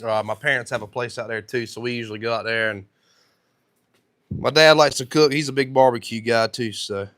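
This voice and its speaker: A man's voice: mid-range voice, fairly even intonation, brisk, a bit bright. Man with a thick North Carolina accent. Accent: thick North Carolina Southern. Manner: chatty, reads viewer comments aloud and answers them. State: sore throat. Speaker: woodworking live streamer. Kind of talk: casual live-stream chat while working.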